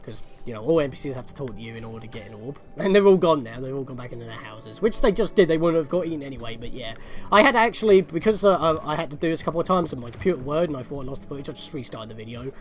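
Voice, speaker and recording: Talking very fast in an animated, medium-pitched voice, a young guy chats his way through a game walkthrough. He wanders from point to point and keeps fixing what he just said, with the game's music faint behind him.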